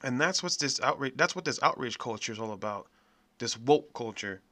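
Podcast guy ranting, swears a lot, bright forceful voice. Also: mid-range voice, brisk. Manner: profane, blunt, animated ranting. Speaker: podcast host. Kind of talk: casual ranting monologue.

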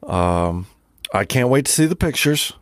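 A man's voice: medium pitch, animated, measured pace, no room sound, clean studio sound. A man co-hosting a podcast, joking and laughing in crude casual banter. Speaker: podcast co-host.

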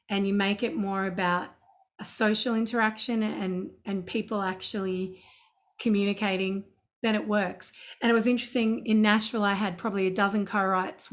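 A woman's voice: mid-range voice, normal speed. A woman, a singer and songwriter, chatting in an interview and telling anecdotes. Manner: chatty, anecdotal, animated storytelling. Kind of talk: casual interview chat.

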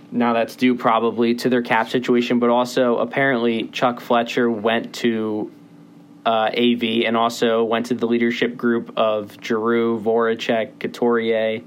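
A young man hosting a casual sports podcast, rambling with plenty of fillers. His voice is middle-pitched and he races through stretches in quick bursts. A faint hiss runs under the recording. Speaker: podcast host.

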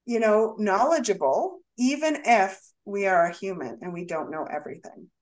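A woman's voice: medium pitch, expressive. Earnest, reflective woman educator. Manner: reflective, earnest, drawn-out phrasing. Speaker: guest educator. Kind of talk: conversational interview.

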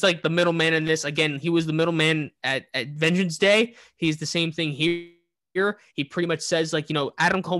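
A man's voice: fairly high pitch, a bit bright, no echo. A man co-hosting a casual wrestling podcast, recapping the show in a rambling way with many fillers and restarts. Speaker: podcast co-host.

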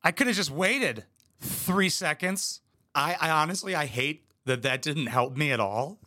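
A man's voice: a little high, very animated, normal speed, pushed and bright. A man doing crude, sarcastic reaction commentary as a comedy channel host, swearing and mocking freely. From United States. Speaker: commentary YouTuber.

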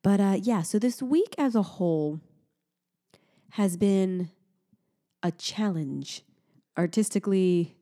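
A young adult woman co-hosting a podcast in casual chat, talking in an animated way, laughing often and sounding sleep-deprived. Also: medium pitch, slow, long pauses. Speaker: podcast co-host.

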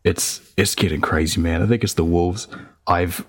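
Man doing a hesitant farmer quest-giver, deep, husky, dry. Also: steady tone, moderate pace, no room sound. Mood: worried. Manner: hesitant, rambling. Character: worried male farmer quest-giver, grumpy.

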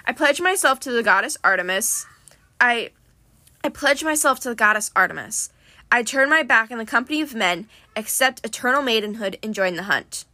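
Stern formal huntress, old-fashioned speech, bright and dry, read by a woman. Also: fairly high pitch, animated, normal speed, no room sound. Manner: formal, archaic wording.

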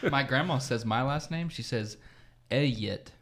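A man's voice: mid-range voice, normal speed, fairly bright tone. A man in casual podcast banter, making dry, short remarks.

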